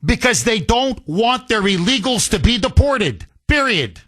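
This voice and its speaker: A man's voice: extremely high pitch, very animated, a little slow, sharp tone. A man hosting a talk radio show, delivering a fiery, combative monologue that leans on repetition. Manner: impassioned, combative, repetitive rhetoric.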